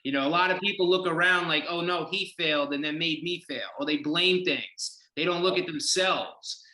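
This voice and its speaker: A man's voice: fairly high pitch, moderate pace, sharp tone. A man hosting a podcast, talking enthusiastically in a rambling way and saying "like" a lot. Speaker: podcast host. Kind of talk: casual podcast chat. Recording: echoey room.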